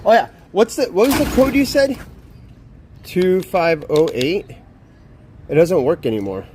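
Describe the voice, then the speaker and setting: Young guy streaming outside, swearing and ranting over and over, high voice that swings all over. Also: animated, a little slow, a little mellow, slight background noise. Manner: profane, exasperated, repetitive ranting. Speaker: live streamer. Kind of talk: casual live stream talk.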